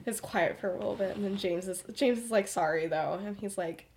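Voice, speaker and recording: A woman's voice: medium pitch, a little fast, noisy background. A young woman casually recapping her own fan story for friends, chatty and full of "like", laughing often. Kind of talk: casual chat.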